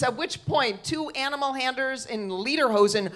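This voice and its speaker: Middle-aged woman telling a funny story on stage, kinda high voice, acts out everyone. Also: moderate pace, hardly any pauses. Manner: animated, quotes others with big shifts. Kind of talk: live storytelling.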